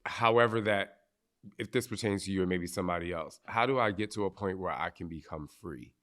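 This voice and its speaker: Guy hosting a live podcast, low voice, blunt and sweary. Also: a little fast, fairly bright tone. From New Jersey. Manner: blunt, emphatic, swears freely. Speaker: podcast host.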